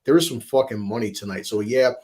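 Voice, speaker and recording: A man streaming a casual chat and telling rambling stories at a fast clip. His pitch sits in an ordinary middle range. His stories are full of swearing. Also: lively intonation, a little mellow. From upstate New York. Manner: rambling, profane storytelling. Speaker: streamer and part-time Uber driver.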